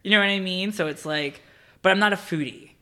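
A young man from South Jersey talks as a podcast guest. His voice is bright and a touch high. He rambles casually, packing his talk with fillers and restarts. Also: fairly quick. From South New Jersey. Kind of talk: casual chat.

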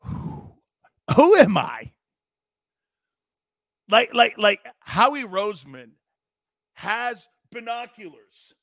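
Brash high-voiced man ranting on sports. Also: no echo, studio quality. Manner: loud, brash and animated, often shouting. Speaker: sports talk show host. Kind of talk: ranting sports talk monologue.

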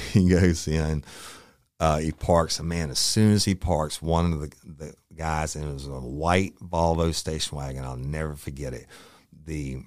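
Very deep-voiced profane storyteller man. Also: darkish tone, no room sound, studio quality. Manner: profane, rambling, acts out quoted lines. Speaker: police officer telling a war story. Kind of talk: casual spoken storytelling.

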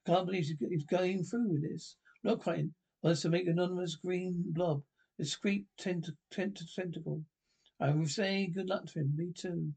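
A man's voice: high voice, fairly even intonation, normal speed, gravelly, a little mellow, slightly rough. A man reading a comedy TV script aloud, voicing every part himself and reading the stage cues plainly between the lines. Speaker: podcast reader.

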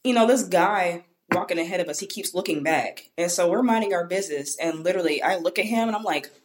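A woman's voice: fairly low pitch, fast. Nonchalant young woman telling stories. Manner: storytelling, acts out her own retorts; nonchalant, even tone. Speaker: guest. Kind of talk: casual podcast chat.

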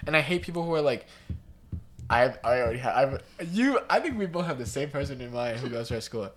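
A man's voice: medium pitch, big pitch swings, quick pace, a bit bright. A teenage boy chatting casually, ranting about people at school and mimicking them in exaggerated voices, with lots of fillers. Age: teens. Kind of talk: casual chat.

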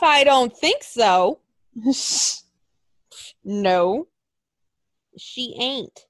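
A woman chatting casually as a co-host, animated and sarcastic, often laughing and acting out what others said. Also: sits high, takes it slowly, long pauses, no echo, clean studio sound. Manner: animated, sarcastic, acts out quotes in exaggerated voices, laughs often. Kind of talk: casual chat.

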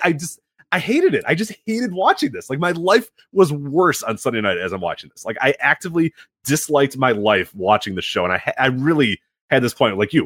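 Fast, lively man on a podcast. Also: mid-range voice, breathy edge, no room sound, clean studio sound. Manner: animated, rambling storytelling with many fillers. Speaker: podcast co-host. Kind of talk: casual podcast chat.

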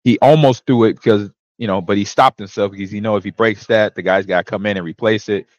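A man's voice: on the low side, fast talker, no echo, lo-fi sound. A former running back hosting his own show, telling stories casually and acting out what people said, laughing often. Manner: relaxed, laughs often, acts out quotes. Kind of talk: casual storytelling.

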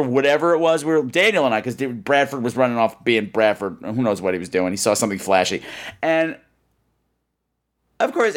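Lively, high-voiced comic storyteller man. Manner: animated, exaggerated, quick asides. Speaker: podcast host.

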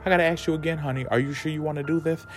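A man's voice: fairly high pitch, fairly even intonation, racing, faint music behind, pitched above the performer's own voice, natural voice. A man voicing a scheming female demon mentor in a campy, purring drawl.

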